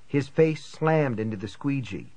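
A man narrating a first-person thriller audiobook in a tense, measured storytelling manner. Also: mid-range voice, lively intonation, darkish tone, no echo.

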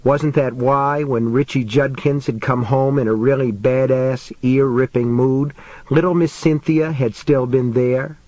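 A man's voice: mid-range voice, steady tone, a little slow, darkish tone, dry recording. Man narrating an audiobook, dry studio sound. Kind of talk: scripted narration of a horror novel.

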